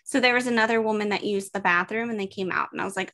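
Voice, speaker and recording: A woman hosting a podcast, telling animated, self-mocking stories in casual chat. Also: medium pitch, fast. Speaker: podcast host.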